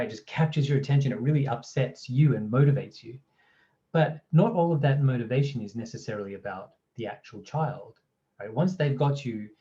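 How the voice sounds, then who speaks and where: A man's voice: mid-range voice, warm tone, highs cut off. A man with an Australian accent presenting a training course, explaining in a conversational way and often checking in with "right?" and "you know". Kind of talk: explanatory talk to camera.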